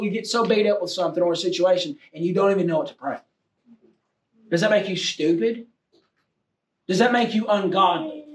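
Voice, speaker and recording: A man preaching a sermon to a congregation, swinging between loud exhortation and low, confiding tones. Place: church room with a congregation. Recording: echoey room, heard from a distance.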